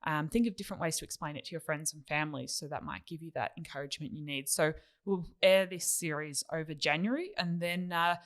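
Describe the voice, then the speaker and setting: A woman's voice: sits low, quick pace, few pauses, a bit bright. A woman, co-hosting a finance podcast with a teasing, cheerful manner and frequent laughs. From Australia. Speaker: podcast co-host. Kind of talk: casual chat.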